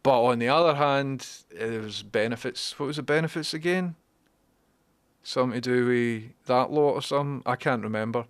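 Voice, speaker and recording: A man's voice: medium pitch, steady tone, a little fast, hardly any pauses, clear, resonant tone, no echo. A man, talking casually on his own livestream, sarcastic, swearing and wandering off on tangents. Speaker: livestream host. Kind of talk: rambling livestream chat.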